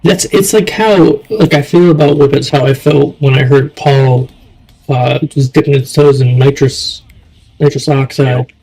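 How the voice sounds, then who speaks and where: A man's voice: medium pitch, steady tone, a little slow, dark tone, poor audio. A young man in casual chat, rambling and swearing, often trailing off mid-thought. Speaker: streamer.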